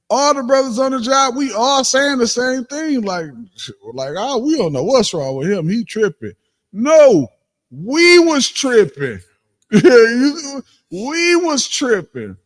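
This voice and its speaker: A man with a Detroit accent telling stories and preaching in a casual, animated way during a livestreamed class, acting out what people said. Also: very high voice, big-room sound. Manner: animated, acts out quoted exchanges, laughs often. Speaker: speaker in a livestreamed religious class.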